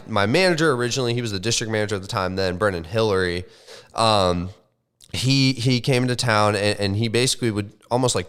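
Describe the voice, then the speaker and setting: Young man, lowish voice, loose swearing podcast storyteller, animated. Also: clear, resonant tone. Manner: animated, swears often, says like and bro. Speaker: podcast co-host. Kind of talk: casual storytelling chat.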